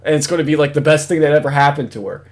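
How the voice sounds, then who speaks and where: A man's voice: a little high, very fast. A man hosting reaction commentary, ranting in a profane, exasperated way. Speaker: commentary host.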